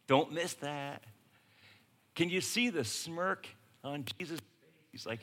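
A man preaching a sermon in a casual, conversational way, swinging from hushed lines to shouted ones. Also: a little high, takes it slowly, long pauses. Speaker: pastor.

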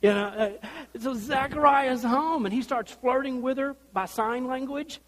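A male pastor preaching a sermon, telling the story in an animated way and acting out the people in it. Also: extremely high pitch, a little slow, big-room sound.

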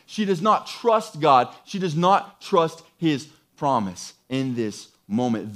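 Brief: a casual, emphatic male preacher with a lively, animated delivery. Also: fairly high pitch. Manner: conversational, emphatic, repeats phrases. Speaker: pastor. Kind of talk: sermon.

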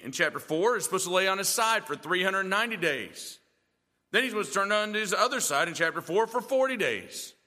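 A man's voice: high-pitched, sharp tone, long reverb tail. A male pastor preaching a sermon in a church, emphatic and full of rhetorical questions.

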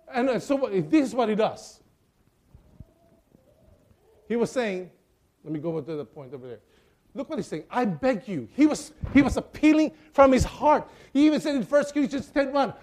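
High-voiced preacher. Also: male voice, animated, normal speed. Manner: impassioned and pleading, with sudden swings between loud and soft. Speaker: pastor. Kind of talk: sermon.

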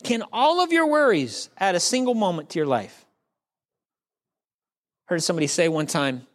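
A man's voice: high-pitched, very animated, moderate pace, long pauses. Man preaching a chatty, joking sermon. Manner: conversational, joking preaching with asides to the congregation; acts out quoted voices. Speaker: pastor.

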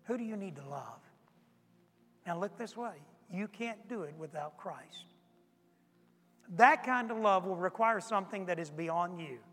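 Impassioned pastor preaching in a reverberant hall. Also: male voice, expressive, unhurried, pauses often. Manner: impassioned, rising to near-shouts then dropping low. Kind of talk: sermon. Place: church sanctuary.

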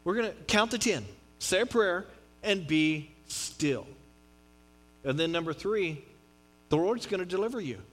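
Joking, high-voiced male pastor. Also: animated, a little slow, pauses often, soft background music. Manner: conversational and joking, with wide swings in loudness. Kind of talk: sermon.

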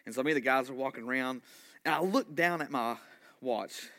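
A man, a pastor telling a story in a sermon, animated and conversational, full of asides. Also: medium pitch, a little fast.

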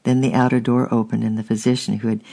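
Gravelly steady male narrator. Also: medium pitch. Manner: steady and unhurried with small restarts. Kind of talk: audiobook narration.

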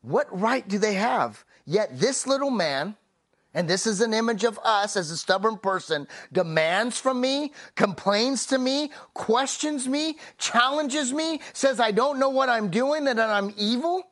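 An animated male pastor preaches with emphasis. He slows down for key phrases and trails off softly and low at the end of each thought.

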